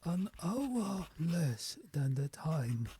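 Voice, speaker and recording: A jittery local coach driver, played by a man in a gothic audio drama, with a husky, dark voice that has a breathy edge. He talks slowly and hesitantly, and his pitch swings up and down as he tries to dodge the question, all recorded close and dry. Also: big pitch swings, no echo, full character voice. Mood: uneasy. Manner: hesitant, evasive.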